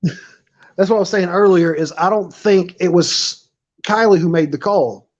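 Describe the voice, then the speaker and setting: A man's voice: high voice, a little slow. A man on a casual livestream panel, laying out a timeline and theorizing. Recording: dull, lo-fi call audio.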